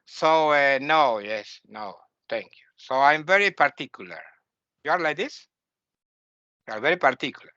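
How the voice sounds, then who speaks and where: Man, blunt opinionated lecture, bright tense voice, dry dull recording. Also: on the high side, animated, normal speed, no room sound. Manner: blunt, opinionated, repeats himself. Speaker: spiritual teacher. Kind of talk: spoken lecture.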